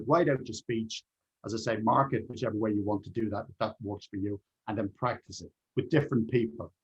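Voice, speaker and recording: Earnest man with a husky voice. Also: on the low side, lo-fi sound. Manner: earnest, repeats key words for emphasis. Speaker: guest, presentation skills trainer. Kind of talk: conversational interview answers.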